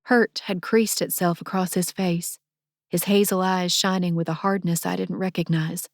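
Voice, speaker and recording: A woman's voice: on the low side, fairly even intonation, normal speed, no room sound. Woman narrating a romance audiobook, close.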